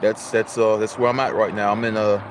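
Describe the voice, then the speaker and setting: Man, livestream host, low voice, casual chatty commentary, audible background noise. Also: level tone, a little fast. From Illinois, United States. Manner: chatty, greets viewers and reads chat.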